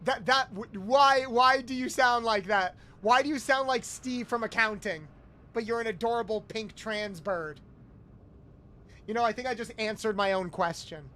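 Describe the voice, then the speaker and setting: A young man streaming a video game, chatting casually with viewers, loud and animated with swearing. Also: extremely high pitch, moderate pace, slight background noise. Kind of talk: casual gameplay livestream chat.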